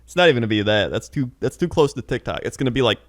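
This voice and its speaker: A man's voice: medium pitch, lively intonation, rapid-fire, no echo. A man co-hosting a comedy podcast, riffing playfully in casual chat. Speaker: podcast co-host.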